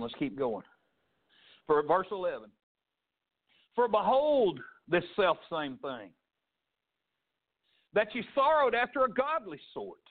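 A man with a Southern US accent preaching a fervent sermon as pastor, often stumbling over repeated words as he pushes on. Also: high-pitched. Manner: fervent preaching with frequent stammered restarts. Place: church sanctuary. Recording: tinny phone-like sound.

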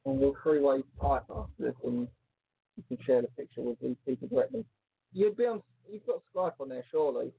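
A man co-hosting a casual chat show, teasing and joking in an animated way. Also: mid-range voice, brisk, vocal fry, slight background noise. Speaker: podcast co-host. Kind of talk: casual banter. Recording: phone-like lo-fi line.

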